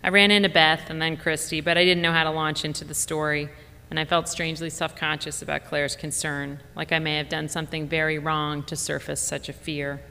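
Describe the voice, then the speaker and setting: A woman's voice: little pitch movement, a little fast, sharp tone, smooth. A woman narrating a memoir in a wry, reflective tone. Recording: long reverb, faint rumble.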